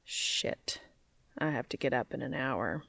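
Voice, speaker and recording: Woman voicing a sleepy grown man, low drowsy deadpan, gravelly, dry close sound. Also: a little slow, no echo, exaggerated voice.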